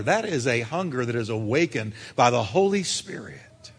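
A man preaching a sermon, animated, swinging between loud calls and hushed, quiet passages. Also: medium pitch, normal speed, few pauses, slightly rough, in a large hall.

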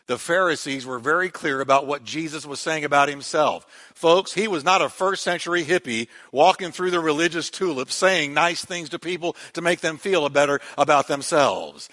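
A man's voice: on the high side, normal speed, pushed and bright. A male pastor preaching a sermon with emphasis, repeating key words for weight.

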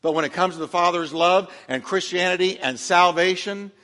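Male pastor, slightly high voice, forceful energetic preaching, long hall reverb. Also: normal speed. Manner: emphatic preaching with call-and-response to the congregation. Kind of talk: sermon.

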